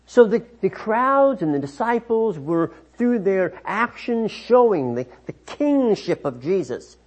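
A man preaching a sermon, slow and measured, often restarting his phrases. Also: high-pitched, sing-song, a little mellow.

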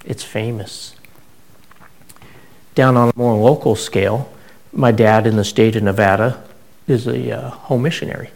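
A man's voice: medium pitch, fairly even intonation, a little slow, gravelly, pauses often, a little mellow, low-quality recording. A middle-aged man preaching a sermon, telling stories in a conversational way with frequent restarts. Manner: conversational storytelling with many restarts.

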